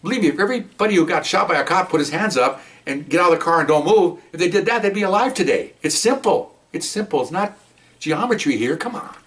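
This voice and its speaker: A man's voice: sits high, fast talker, recorded from a distance. An older man, a retired police officer, animatedly telling a personal story and acting out the scene. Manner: animated, acts out the scene with gestures.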